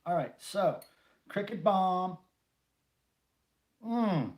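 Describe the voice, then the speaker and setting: A man's voice: high voice, expressive, extremely slow, a little mellow. A middle-aged man from North Carolina hosting a casual home livestream, joking and reading viewer comments aloud. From North Carolina, USA. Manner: chatty, jokey, reads viewer comments aloud. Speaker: livestream host. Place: home room.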